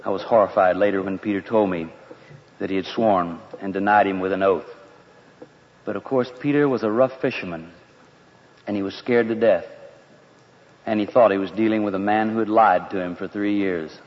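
A man's voice: on the low side, fairly even intonation, moderate pace, long pauses. Earnest man telling a story. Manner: earnest, conversational. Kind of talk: first-person dramatic storytelling. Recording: dull lo-fi with long reverb.

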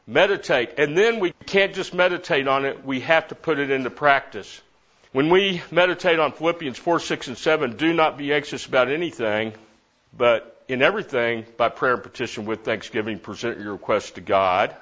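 A middle-aged man leads a Bible class, and his voice sits in a middle pitch. He repeats verses with lively emphasis on different words. The recording is a little dull and lo-fi. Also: moderate pace. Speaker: Bible study teacher.

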